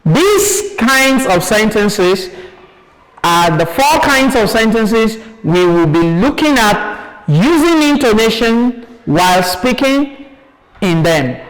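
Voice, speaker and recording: Slow, lively-pitched Nigerian male teacher. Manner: asks questions then answers them himself; slow, drawn-out teacherly delivery. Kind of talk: classroom lesson. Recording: hall reverb.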